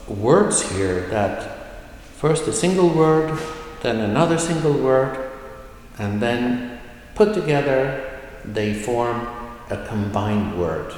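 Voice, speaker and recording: Slow-talking male teacher in an echoey hall. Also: mid-range voice, darkish tone, slight background noise. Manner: slow, careful explaining with drawn-out model words. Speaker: language teacher. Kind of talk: recorded language lesson.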